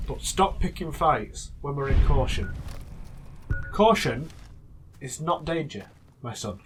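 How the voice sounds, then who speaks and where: A man's voice: on the high side, fairly bright tone, slight background noise. A young man giving casual, chatty gameplay commentary, teasing and rambling with frequent restarts. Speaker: let's play gamer.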